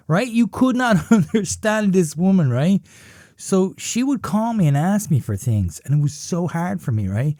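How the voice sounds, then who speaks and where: A man's voice: high-pitched, lively intonation, moderate pace, darkish tone, no room sound, clean studio sound. A man hosting a podcast, telling a story casually, rambling and swearing with lots of fillers. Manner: rambling and profane, heavy on fillers like "you know" and "right?". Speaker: podcast host.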